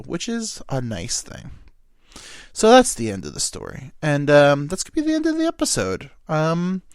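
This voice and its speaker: A man's voice: medium pitch, smooth, no room sound, clean studio sound. A young man hosting a solo podcast, telling a story in a rambling, profane and self-mocking way, with lots of ums and quoted dialogue. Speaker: podcast host.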